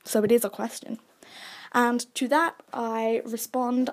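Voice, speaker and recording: A young woman hosting a solo podcast, chatty and self-mocking, dropping into soft asides. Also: fairly high pitch, fairly even intonation, unhurried. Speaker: podcast host.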